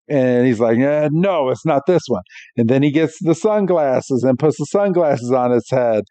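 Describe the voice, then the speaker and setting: A man co-hosting a podcast, casually recapping a cartoon episode and acting out the characters' lines with lively voices. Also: a little high, clean tone, no room sound. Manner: animated storyteller, acts out character lines.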